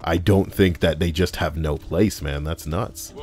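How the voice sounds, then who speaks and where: A man's voice: deep voice, steady tone, unhurried, darkish tone, faint music behind. A man hosting a casual podcast while gaming, rambling and swearing freely as he reads chat aloud. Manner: rambling, profane, many fillers. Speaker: podcast host and streamer.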